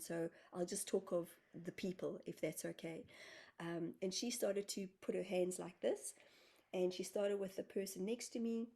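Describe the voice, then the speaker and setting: A woman's voice: lowish voice, warm tone. A woman from South Africa, a guest healer, telling a story in a casual interview and acting out her own quoted words with energy. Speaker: guest healer and spiritual medium.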